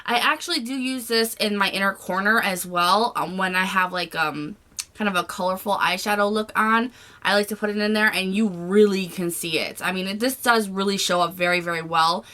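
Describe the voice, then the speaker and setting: A woman's voice: medium pitch, normal speed, pushed and bright. A woman giving a casual, gushing makeup review to camera, chatty and full of fillers. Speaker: beauty vlogger.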